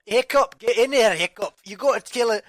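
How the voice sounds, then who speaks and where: A man voicing a gruff, booming Scottish-sounding Viking chief with a loud, rolling brogue. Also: fairly quick, no room sound. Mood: bellowing.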